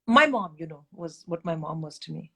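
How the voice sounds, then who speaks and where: A middle-aged woman from India, telling candid stories as a guest in a casual chat, animated and blunt, swearing freely. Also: sits low, moderate pace, creaky, husky. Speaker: guest comedian.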